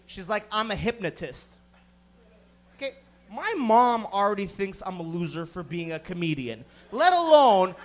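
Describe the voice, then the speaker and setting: A man in his thirties doing a profane stand-up comedy set, loudly acting out the people in his stories. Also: high voice. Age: 30s. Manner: profane, loud, acts out voices in his stories.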